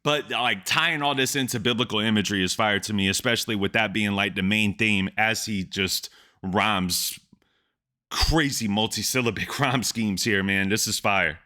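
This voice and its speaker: Hyped low-voiced man reacting to rap. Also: moderate pace. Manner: excited, repeats lines back and breaks them down. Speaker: music reaction host. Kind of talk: casual music reaction commentary.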